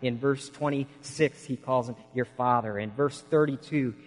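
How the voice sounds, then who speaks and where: A man's voice: mid-range voice, moderate pace, long reverb tail, low-quality recording. A man preaching a sermon, telling folksy stories in an earnest way.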